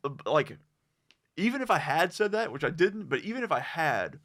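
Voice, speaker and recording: A man co-hosting a podcast, talking in a hesitant, relaxed way. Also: on the high side, normal speed. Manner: hesitant, relaxed, many fillers. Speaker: podcast co-host. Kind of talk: casual chat.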